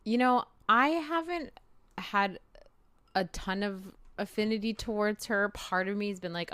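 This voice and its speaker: A woman co-hosting a podcast in casual chat, giving frank, measured opinions. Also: mid-range voice, a bit bright, smooth, no echo. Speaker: podcast co-host.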